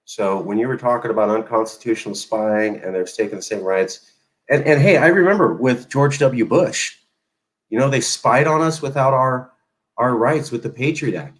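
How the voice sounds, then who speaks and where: Guy hosting a political talk show, sarcastic and mocking, normal pitch. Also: lively intonation, normal speed, poor audio. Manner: sarcastic, emphatic, mocking quoted voices. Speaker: host.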